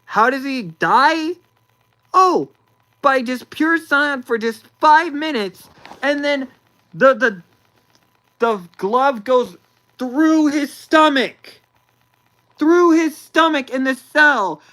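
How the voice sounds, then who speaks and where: A woman's voice: high voice, slow, long pauses, a bit bright, low-quality recording. A young woman ranting about a movie, exasperated, sighing and repeating words as she talks.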